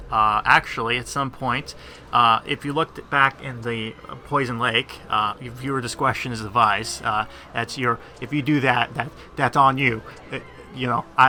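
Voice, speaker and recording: A man rambles through gameplay commentary, laughing and restarting his sentences as he goes. His voice is very bright and sits in a middle pitch. A faint hiss runs under it. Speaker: gaming youtuber.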